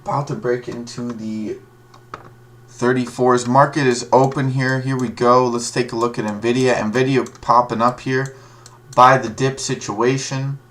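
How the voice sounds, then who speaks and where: A man's voice: mid-range voice, fairly even intonation, unhurried, a bit bright. A man streaming live, giving casual, rambling commentary on stock moves as he reads tickers aloud. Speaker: livestream stock trader.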